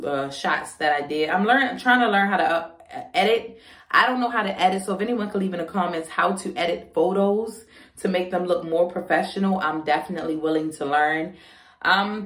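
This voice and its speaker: Casting note: young woman vlogger, frank and chatty, low-ish voice, roomy sound, mic set back. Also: distant mic. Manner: chatty, frank, with many fillers. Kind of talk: casual chat.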